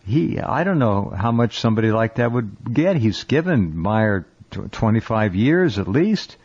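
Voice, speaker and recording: A man's voice: on the low side, sing-song, darkish tone, husky. Man hosting a lo-fi radio talk show. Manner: halting, restarts often, emphatic. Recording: dull lo-fi radio sound.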